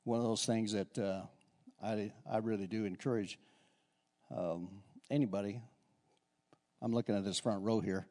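A man's voice: fairly low pitch, fairly even intonation, moderate pace, long pauses, mellow. A middle-aged man preaching a conversational sermon in a church, often repeating and restarting his words. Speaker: pastor.

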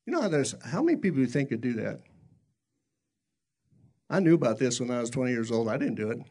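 Middle-aged male pastor, gravelly voice, folksy self-deprecating sermon storyteller, mid pitch. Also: very animated, fast talker, long pauses, darkish tone.

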